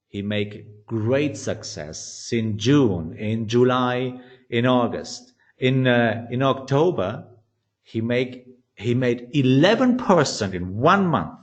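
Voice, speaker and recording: A man's voice: mid-range voice, vocal fry. A man teaching trading, telling a blunt story with swearing and acted-out quotes in English. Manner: blunt, swears, animated, quotes others in shifting voices. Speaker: trading educator. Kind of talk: storytelling lecture.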